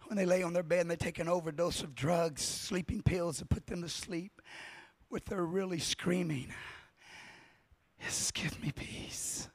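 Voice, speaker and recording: With a high, steady voice at a moderate pace, a preacher leads a revival sermon, crying out repeated refrains with passion and then falling to a hushed intensity. The recording is dry.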